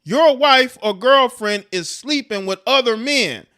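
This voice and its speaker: A man's voice: very high-pitched, expressive, unhurried, bright, forceful tone, clean tone. A man hosting a livestream, giving blunt, profane commentary on clips and chat with frequent laughs. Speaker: livestream host reacting to clips.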